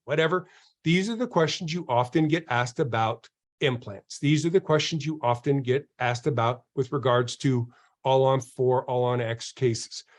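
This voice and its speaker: A man's voice: mid-range voice, moderate pace. A man hosting a dental marketing webinar in a casual, chatty way, often repeating himself and acting out quotes.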